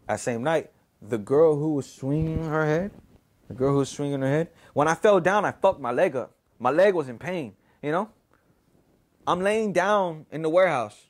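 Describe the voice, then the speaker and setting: A man's voice: a little high, expressive, fairly quick. A man from Houston, telling a personal story in a casual, profane, rambling way, full of "you know" and "right?". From Houston, Texas.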